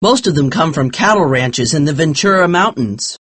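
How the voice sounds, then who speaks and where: A narrator voicing a teenage boy who calmly explains things in a storybook. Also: low voice, normal speed, slightly rough. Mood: explaining. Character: teenage boy Bill, steady and informative.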